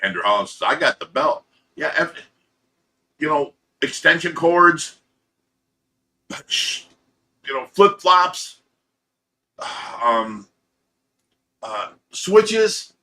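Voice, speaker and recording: Livestream host, male, foul-mouthed ranting storyteller with a sharp, bright voice. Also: a little high, sing-song, slow, pauses often. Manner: blunt, profane storytelling with laughs; ranting, talks to chat commenters by name. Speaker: livestream host of a fish rescue channel. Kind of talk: casual livestream chat.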